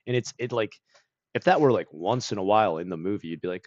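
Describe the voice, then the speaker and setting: A man chatting casually on a stream, rambling with lots of "like" and clearing his throat and coughing now and then. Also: on the low side, fast talker, a little mellow, dry recording, dull audio. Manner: rambling, full of "like" and self-corrections.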